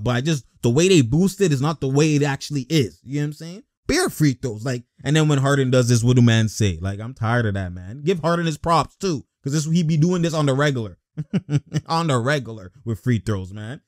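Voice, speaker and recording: A young man giving casual, excitable basketball reaction commentary, blunt and slangy, laughing often. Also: medium pitch, fast, no room sound, clean studio sound.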